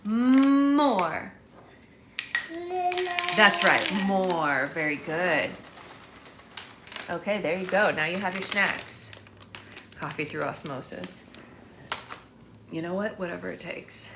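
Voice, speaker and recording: A young mother hosts a casual live stream from home, rambling to viewers and slipping into sing-song baby talk with her daughter. Her voice is on the low side and slow, with frequent pauses and background noise.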